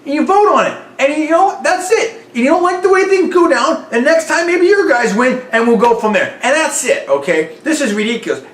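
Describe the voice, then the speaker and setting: Emphatic high-voiced male commentator. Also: sing-song, a little fast, few pauses, fairly bright tone. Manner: emphatic, repeats his points and keeps hedging with "personal opinion". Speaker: host of a political commentary show. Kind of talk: opinionated commentary. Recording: roomy echo.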